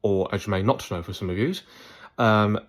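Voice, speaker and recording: Chatty young man, low voice. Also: moderate pace. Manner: rambling, chatty storytelling. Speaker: YouTuber. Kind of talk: casual vlog monologue.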